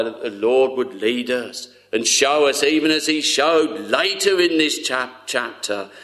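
A man delivering a sermon at an unhurried, drawn-out pace. His voice sits at an ordinary middle pitch, earnest and tender, and often falls to a soft hush. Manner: earnest, tender, slow with long pauses, often dropping to a hush. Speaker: preacher.

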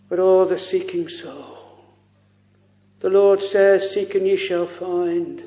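A man preaching a fervent, pleading sermon, full of drawn-out exclamations and quoted prayers. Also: high-pitched, steady tone, warm tone. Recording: lo-fi recording in a reverberant church.

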